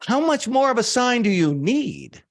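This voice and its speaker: A man voicing God in a story, speaking calmly with mild exasperation. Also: extremely high pitch, a little slow, pitched above the performer's own voice, full character voice. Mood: patient. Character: patient, loving God, male.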